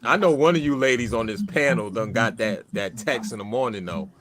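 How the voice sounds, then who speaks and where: A man's voice: medium pitch, brisk, crowd noise. A man co-hosting a casual online panel chat, playful and teasing as he jokes with the guests.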